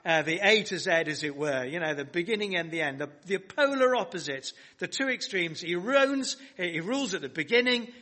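A pastor delivers his sermon in a voice a little higher than most men's. He stresses his points with rising emphasis. He keeps turning to his listeners with rhetorical questions. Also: sharp tone. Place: church hall.

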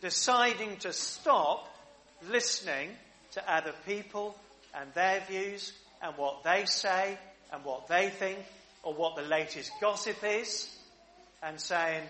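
A man's voice: high-pitched, measured pace, pushed and bright. A man preaching a sermon at a church service, leading the congregation in prayer and call-and-response questions. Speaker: pastor.

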